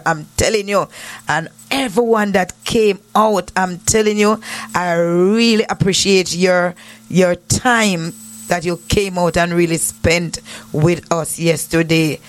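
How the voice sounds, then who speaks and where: A man's voice: high-pitched, fairly bright tone. A man with a Jamaican accent hosting an online church broadcast, greeting viewers by name and repeating "yes, yes" as he talks. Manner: repetitive, affirming yes yes, church talk. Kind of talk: casual greetings and shout-outs.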